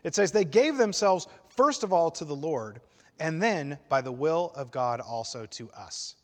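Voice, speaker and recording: A man preaching a sermon to his church, emphatic and animated, swelling loud at his peaks and dropping quiet after. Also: on the high side, unhurried, big-room sound. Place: church sanctuary.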